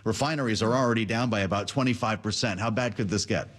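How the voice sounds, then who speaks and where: A man anchoring a news program, reading statements aloud and questioning a guest in a brisk, conversational way. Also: on the low side, a bit bright. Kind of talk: broadcast news presenting.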